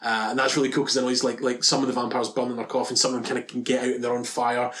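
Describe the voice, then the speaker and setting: A man's voice: medium pitch, flat delivery, racing, a bit bright, a little hiss or hum. A man co-hosting a film podcast, chatting casually, sweary and sarcastic, breaking into silly mock voices. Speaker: podcast co-host. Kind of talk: casual film-review chat.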